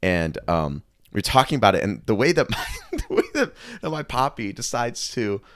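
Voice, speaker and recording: A young man co-hosts a podcast, chiming in and telling loose, rambling stories with plenty of restarts. His voice is low but moves around a lot. The sound is dry and close. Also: sing-song, moderate pace, a bit bright, no echo. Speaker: podcast co-host. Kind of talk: casual chat.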